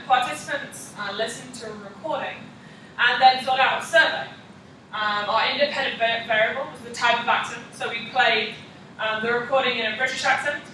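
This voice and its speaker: A woman's voice: a little high, pushed and bright, a little hiss or hum. A young woman, a student, practicing a class presentation and reading from prepared slides with frequent ums. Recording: echoey room, mic far off.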